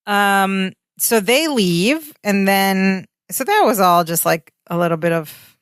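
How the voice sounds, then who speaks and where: A woman's voice: medium pitch, animated, takes it slowly, clean tone, dry recording, studio quality. A woman co-hosting a podcast in casual chat, retelling a sitcom episode and acting out the characters' lines. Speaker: podcast co-host.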